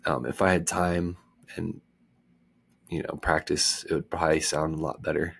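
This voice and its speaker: Low husky man chatting casually. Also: flat delivery, moderate pace, a bit bright. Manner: rambling, joking, self-mocking. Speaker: book reader and channel host. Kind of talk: casual chat after a read-aloud chapter.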